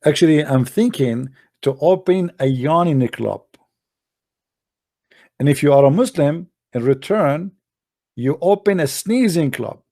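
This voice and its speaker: A man's voice: on the high side, expressive, measured pace, dark tone. A man giving a mocking, sarcastic polemical monologue in broken English grammar. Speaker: religious debate commentator.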